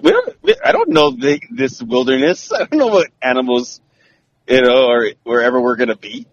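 A man's voice: medium pitch, sing-song, moderate pace, highs cut off, a little hiss or hum. A man hosting a casual chat, joking and laughing easily. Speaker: host.

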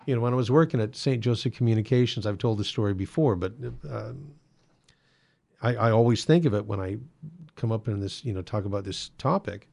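A man with a fairly low, darkish voice and vocal fry speaks a little fast as he hosts a Catholic apologetics talk. He explains doctrine in a casual, conversational monologue full of fillers and restarts.

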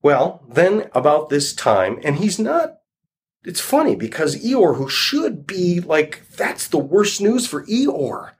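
A man's voice: fairly high pitch, big pitch swings, takes it slowly, breathy edge. A man retelling a children's story and drawing a lesson from it, in a reflective, rambling way.

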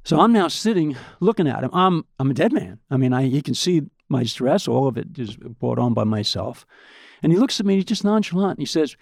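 An older man, a podcast guest, telling long anecdotes in a lively way, acting out the voices of people he quotes and often repeating words. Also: medium pitch, fairly quick, vocal fry, no room sound, studio quality. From United States. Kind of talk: anecdotal storytelling.

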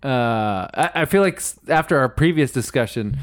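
A man's voice: mid-range voice, expressive, normal speed. A male podcast co-host chats casually and teases a friend about his work. He speaks in an everyday, mid-range voice. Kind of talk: casual comedic podcast banter.

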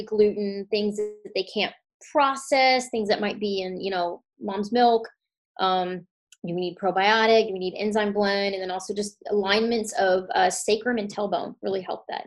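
A woman chats as a podcast guest, her pitch sitting in the middle of the range. She talks in a relaxed, warm way and often starts sentences over, with plenty of fillers. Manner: warm, chatty, many restarts and fillers. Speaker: chiropractor guest. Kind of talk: casual podcast interview.

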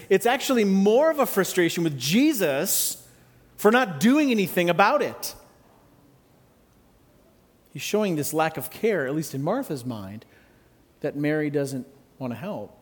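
A man preaching a sermon in a conversational, reflective way with gentle humor. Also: sits high, sing-song, moderate pace, pauses often, big-room sound. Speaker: pastor.

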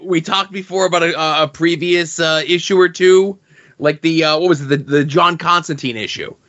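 Man, casual podcast co-host, thinks out loud, muffled lo-fi sound. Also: a little high, moderate pace. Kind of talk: casual comic book discussion. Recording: dull lo-fi sound.

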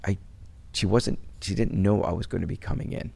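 Deep gravelly middle-aged guy from wisconsin, rambly interview talk, restarts a lot. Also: fairly even intonation, a little fast. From Wisconsin, USA. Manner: rambling, many restarts, turns soft when recalling loss. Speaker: interview guest. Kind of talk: casual interview conversation.

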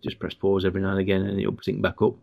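A man's voice: low voice, completely flat delivery, rapid-fire, gravelly, dry recording, lo-fi sound. Chatty man hosting a watch-along. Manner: chatty, chuckling, reads out episode trivia. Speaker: podcast host. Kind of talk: casual commentary while watching an episode.

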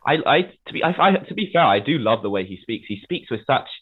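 A man's voice: medium pitch, very animated, fast, breathy edge. Southern english man on a tinny line. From England. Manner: hedging, lots of "sort of". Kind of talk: casual chat.

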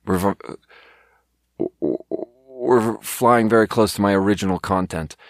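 A man's voice: fairly low pitch, slow, no room sound, clean studio sound. A man from Sweden hosting a podcast, telling a rambling, profane, self-mocking story in casual monologue. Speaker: podcast host and restaurant server.

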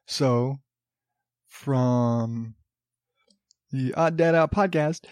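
A man's voice: medium pitch, very slow, a little mellow, dry recording, studio quality. A man hosting a solo podcast, ranting sarcastically, rambling with frequent restarts. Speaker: podcast host. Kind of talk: casual solo podcast commentary. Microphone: podcast studio mic.

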